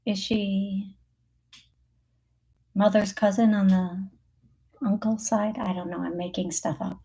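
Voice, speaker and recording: A woman's voice: mid-range voice, flat delivery, slow, warm tone. A woman hosting a call-in show as a psychic medium. She talks in a chatty, rambling way, with lots of fillers and self-corrections, and laughs often. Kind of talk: casual live call-in readings.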